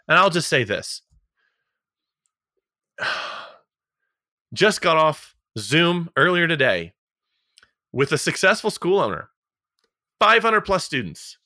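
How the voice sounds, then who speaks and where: Emphatic, motivational man, bright dry voice. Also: on the high side, dry recording. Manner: emphatic, motivational, repeats key phrases; a little sarcastic. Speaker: podcast co-host. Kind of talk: casual podcast chat.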